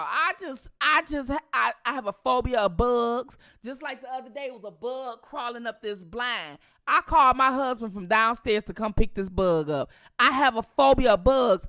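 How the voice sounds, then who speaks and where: A middle-aged woman, telling a story to her viewers in a profane, animated way. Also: on the high side. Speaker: channel host.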